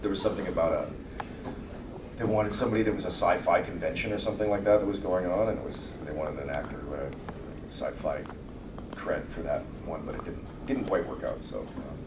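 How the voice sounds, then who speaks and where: A man's voice: low-pitched, brisk. A man, an actor, chatting casually and jokingly as a panel guest and answering fan questions. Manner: joking, animated, does accent impressions. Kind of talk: casual storytelling Q&A. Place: large convention hall. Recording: echoey hall, distant mic, noise.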